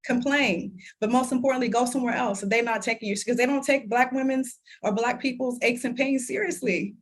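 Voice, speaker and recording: A woman in her thirties, an interview guest, telling a personal story in lively conversation, laughing often and acting out what people said. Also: on the high side, fairly quick. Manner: animated, laughs often, acts out quoted dialogue.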